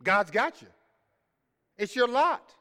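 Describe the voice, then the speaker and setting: High-voiced preacher in a reverberant hall. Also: male voice, very animated, takes it slowly. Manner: preaches with big swells, shouting scripture lines then dropping to quiet asides. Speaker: pastor. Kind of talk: sermon.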